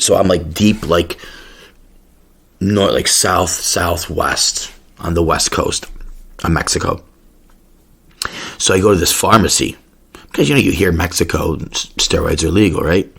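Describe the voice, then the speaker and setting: Deep, husky man ranting casually. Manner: profane, rambling and excitable. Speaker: podcast host. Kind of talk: casual storytelling rant.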